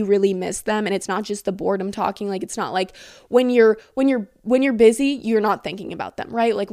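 A woman's voice: on the high side, darkish tone, no echo, studio quality. A young woman hosting a podcast, giving blunt, sassy dating advice in a casual monologue, peppered with "like" and swearing. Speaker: podcast host.

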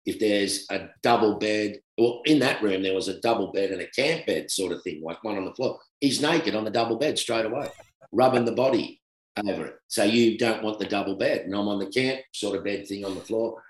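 A middle-aged man with an Australian accent, a former cricketer telling stories in a relaxed, animated chat with laughter. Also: lowish voice, brisk. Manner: animated anecdote telling with laughter, swings between loud and hushed. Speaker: guest, former professional cricketer. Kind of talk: casual storytelling chat. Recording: roomy echo.

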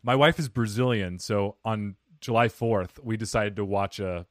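A man hosting a podcast, chatting casually in a playful, animated way and laughing easily. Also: fairly low pitch, normal speed, no echo, studio quality. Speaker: podcast host. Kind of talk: casual chat.

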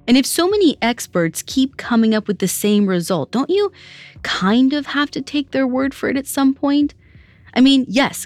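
A woman's voice: mid-range voice, dry recording. A woman hosting a podcast, telling a story in scripted narration with conversational, lightly wry asides. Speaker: podcast host.

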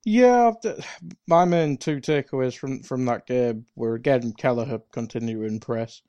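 A man's voice: mid-range voice, warm tone, no echo, dull audio. Chatty man with a dry close sound. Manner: chatty, quick laughs, lots of "like". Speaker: podcast co-host. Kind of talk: casual football chat.

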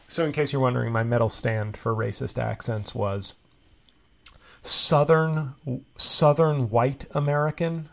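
Solo podcast host, a comedian man in his forties; rambling, dry, self-deprecating delivery at a mid pitch. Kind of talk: casual solo podcast monologue.

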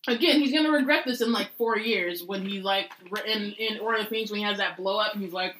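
A woman's voice: mid-range voice, quick pace, a bit bright, reverberant, slight background noise, rough recording. A woman co-hosting a casual book podcast, talking in a slangy, laid-back way. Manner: casual, slangy, laughs often. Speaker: podcast co-host. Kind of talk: casual chat about a book.

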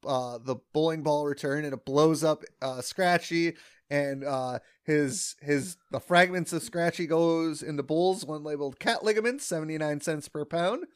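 A man's voice: a little high, moderate pace, smooth. A man co-hosting a podcast in casual chat, recapping a cartoon episode in a laid-back, rambling way. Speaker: podcast co-host.

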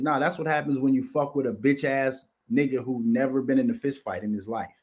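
A man's voice: mid-range voice, fairly even intonation, quick pace, hardly any pauses. A man hosting a commentary show, talking in a rambling, profane monologue and slipping into mocking voices. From Minnesota, United States.

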